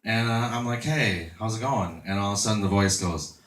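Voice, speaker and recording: A man's voice: fairly low pitch, a little fast, a bit bright. A man in his thirties doing a crude, self-mocking stand-up set, chatting with the crowd from a club stage. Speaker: stand-up comedian. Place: comedy club stage before a laughing crowd. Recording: echoey club room, mic heard from a distance.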